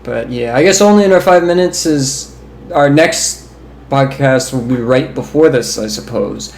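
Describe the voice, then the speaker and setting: A young man co-hosts a casual podcast chat, telling long stories in a rambling, amused way and laughing as he talks. His voice sits at an ordinary middle pitch. The sound carries a roomy echo with a faint hiss underneath. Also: moderate pace, a little mellow. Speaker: podcast co-host.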